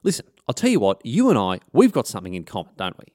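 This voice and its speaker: A man's voice: fairly low pitch, huge pitch swings, fast talker, dark tone, no echo, clean studio sound. A man voicing a brash, vengeful noblewoman turned pirate, matey and conspiratorial in his own voice. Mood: scheming.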